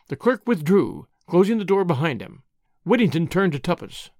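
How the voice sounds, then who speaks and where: A man narrating an audiobook with expressive storytelling. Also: a little high, normal speed, dry recording, clean studio sound. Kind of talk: scripted narration.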